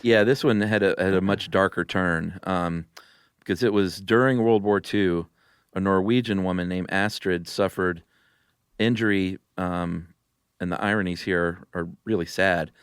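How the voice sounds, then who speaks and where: A man's voice: sits low, fairly even intonation, a little slow, clean tone, no room sound, clean studio sound. A man co-hosting a podcast in casual chat, easygoing and rambling. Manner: easygoing, rambling, many ums and likes. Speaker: podcast co-host.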